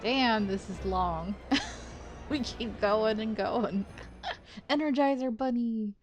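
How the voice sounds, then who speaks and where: A woman's voice: fairly high pitch, takes it slowly, faint music behind. Giggly woman commenting on a game. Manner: giggly, chatty, reacting aloud. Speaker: game streamer. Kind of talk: casual playthrough commentary.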